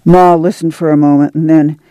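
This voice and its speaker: Male narrator, fairly high voice, mellow tone, dry close sound. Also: flat delivery, brisk, no room sound. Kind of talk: audiobook reading.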